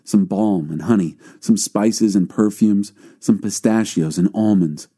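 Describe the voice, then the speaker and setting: A man's voice: on the low side, measured pace, dark tone, husky. A man reading the lines of a grieving, fearful old father in a scripture reading. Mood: sorrowful. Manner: mournful, pleading.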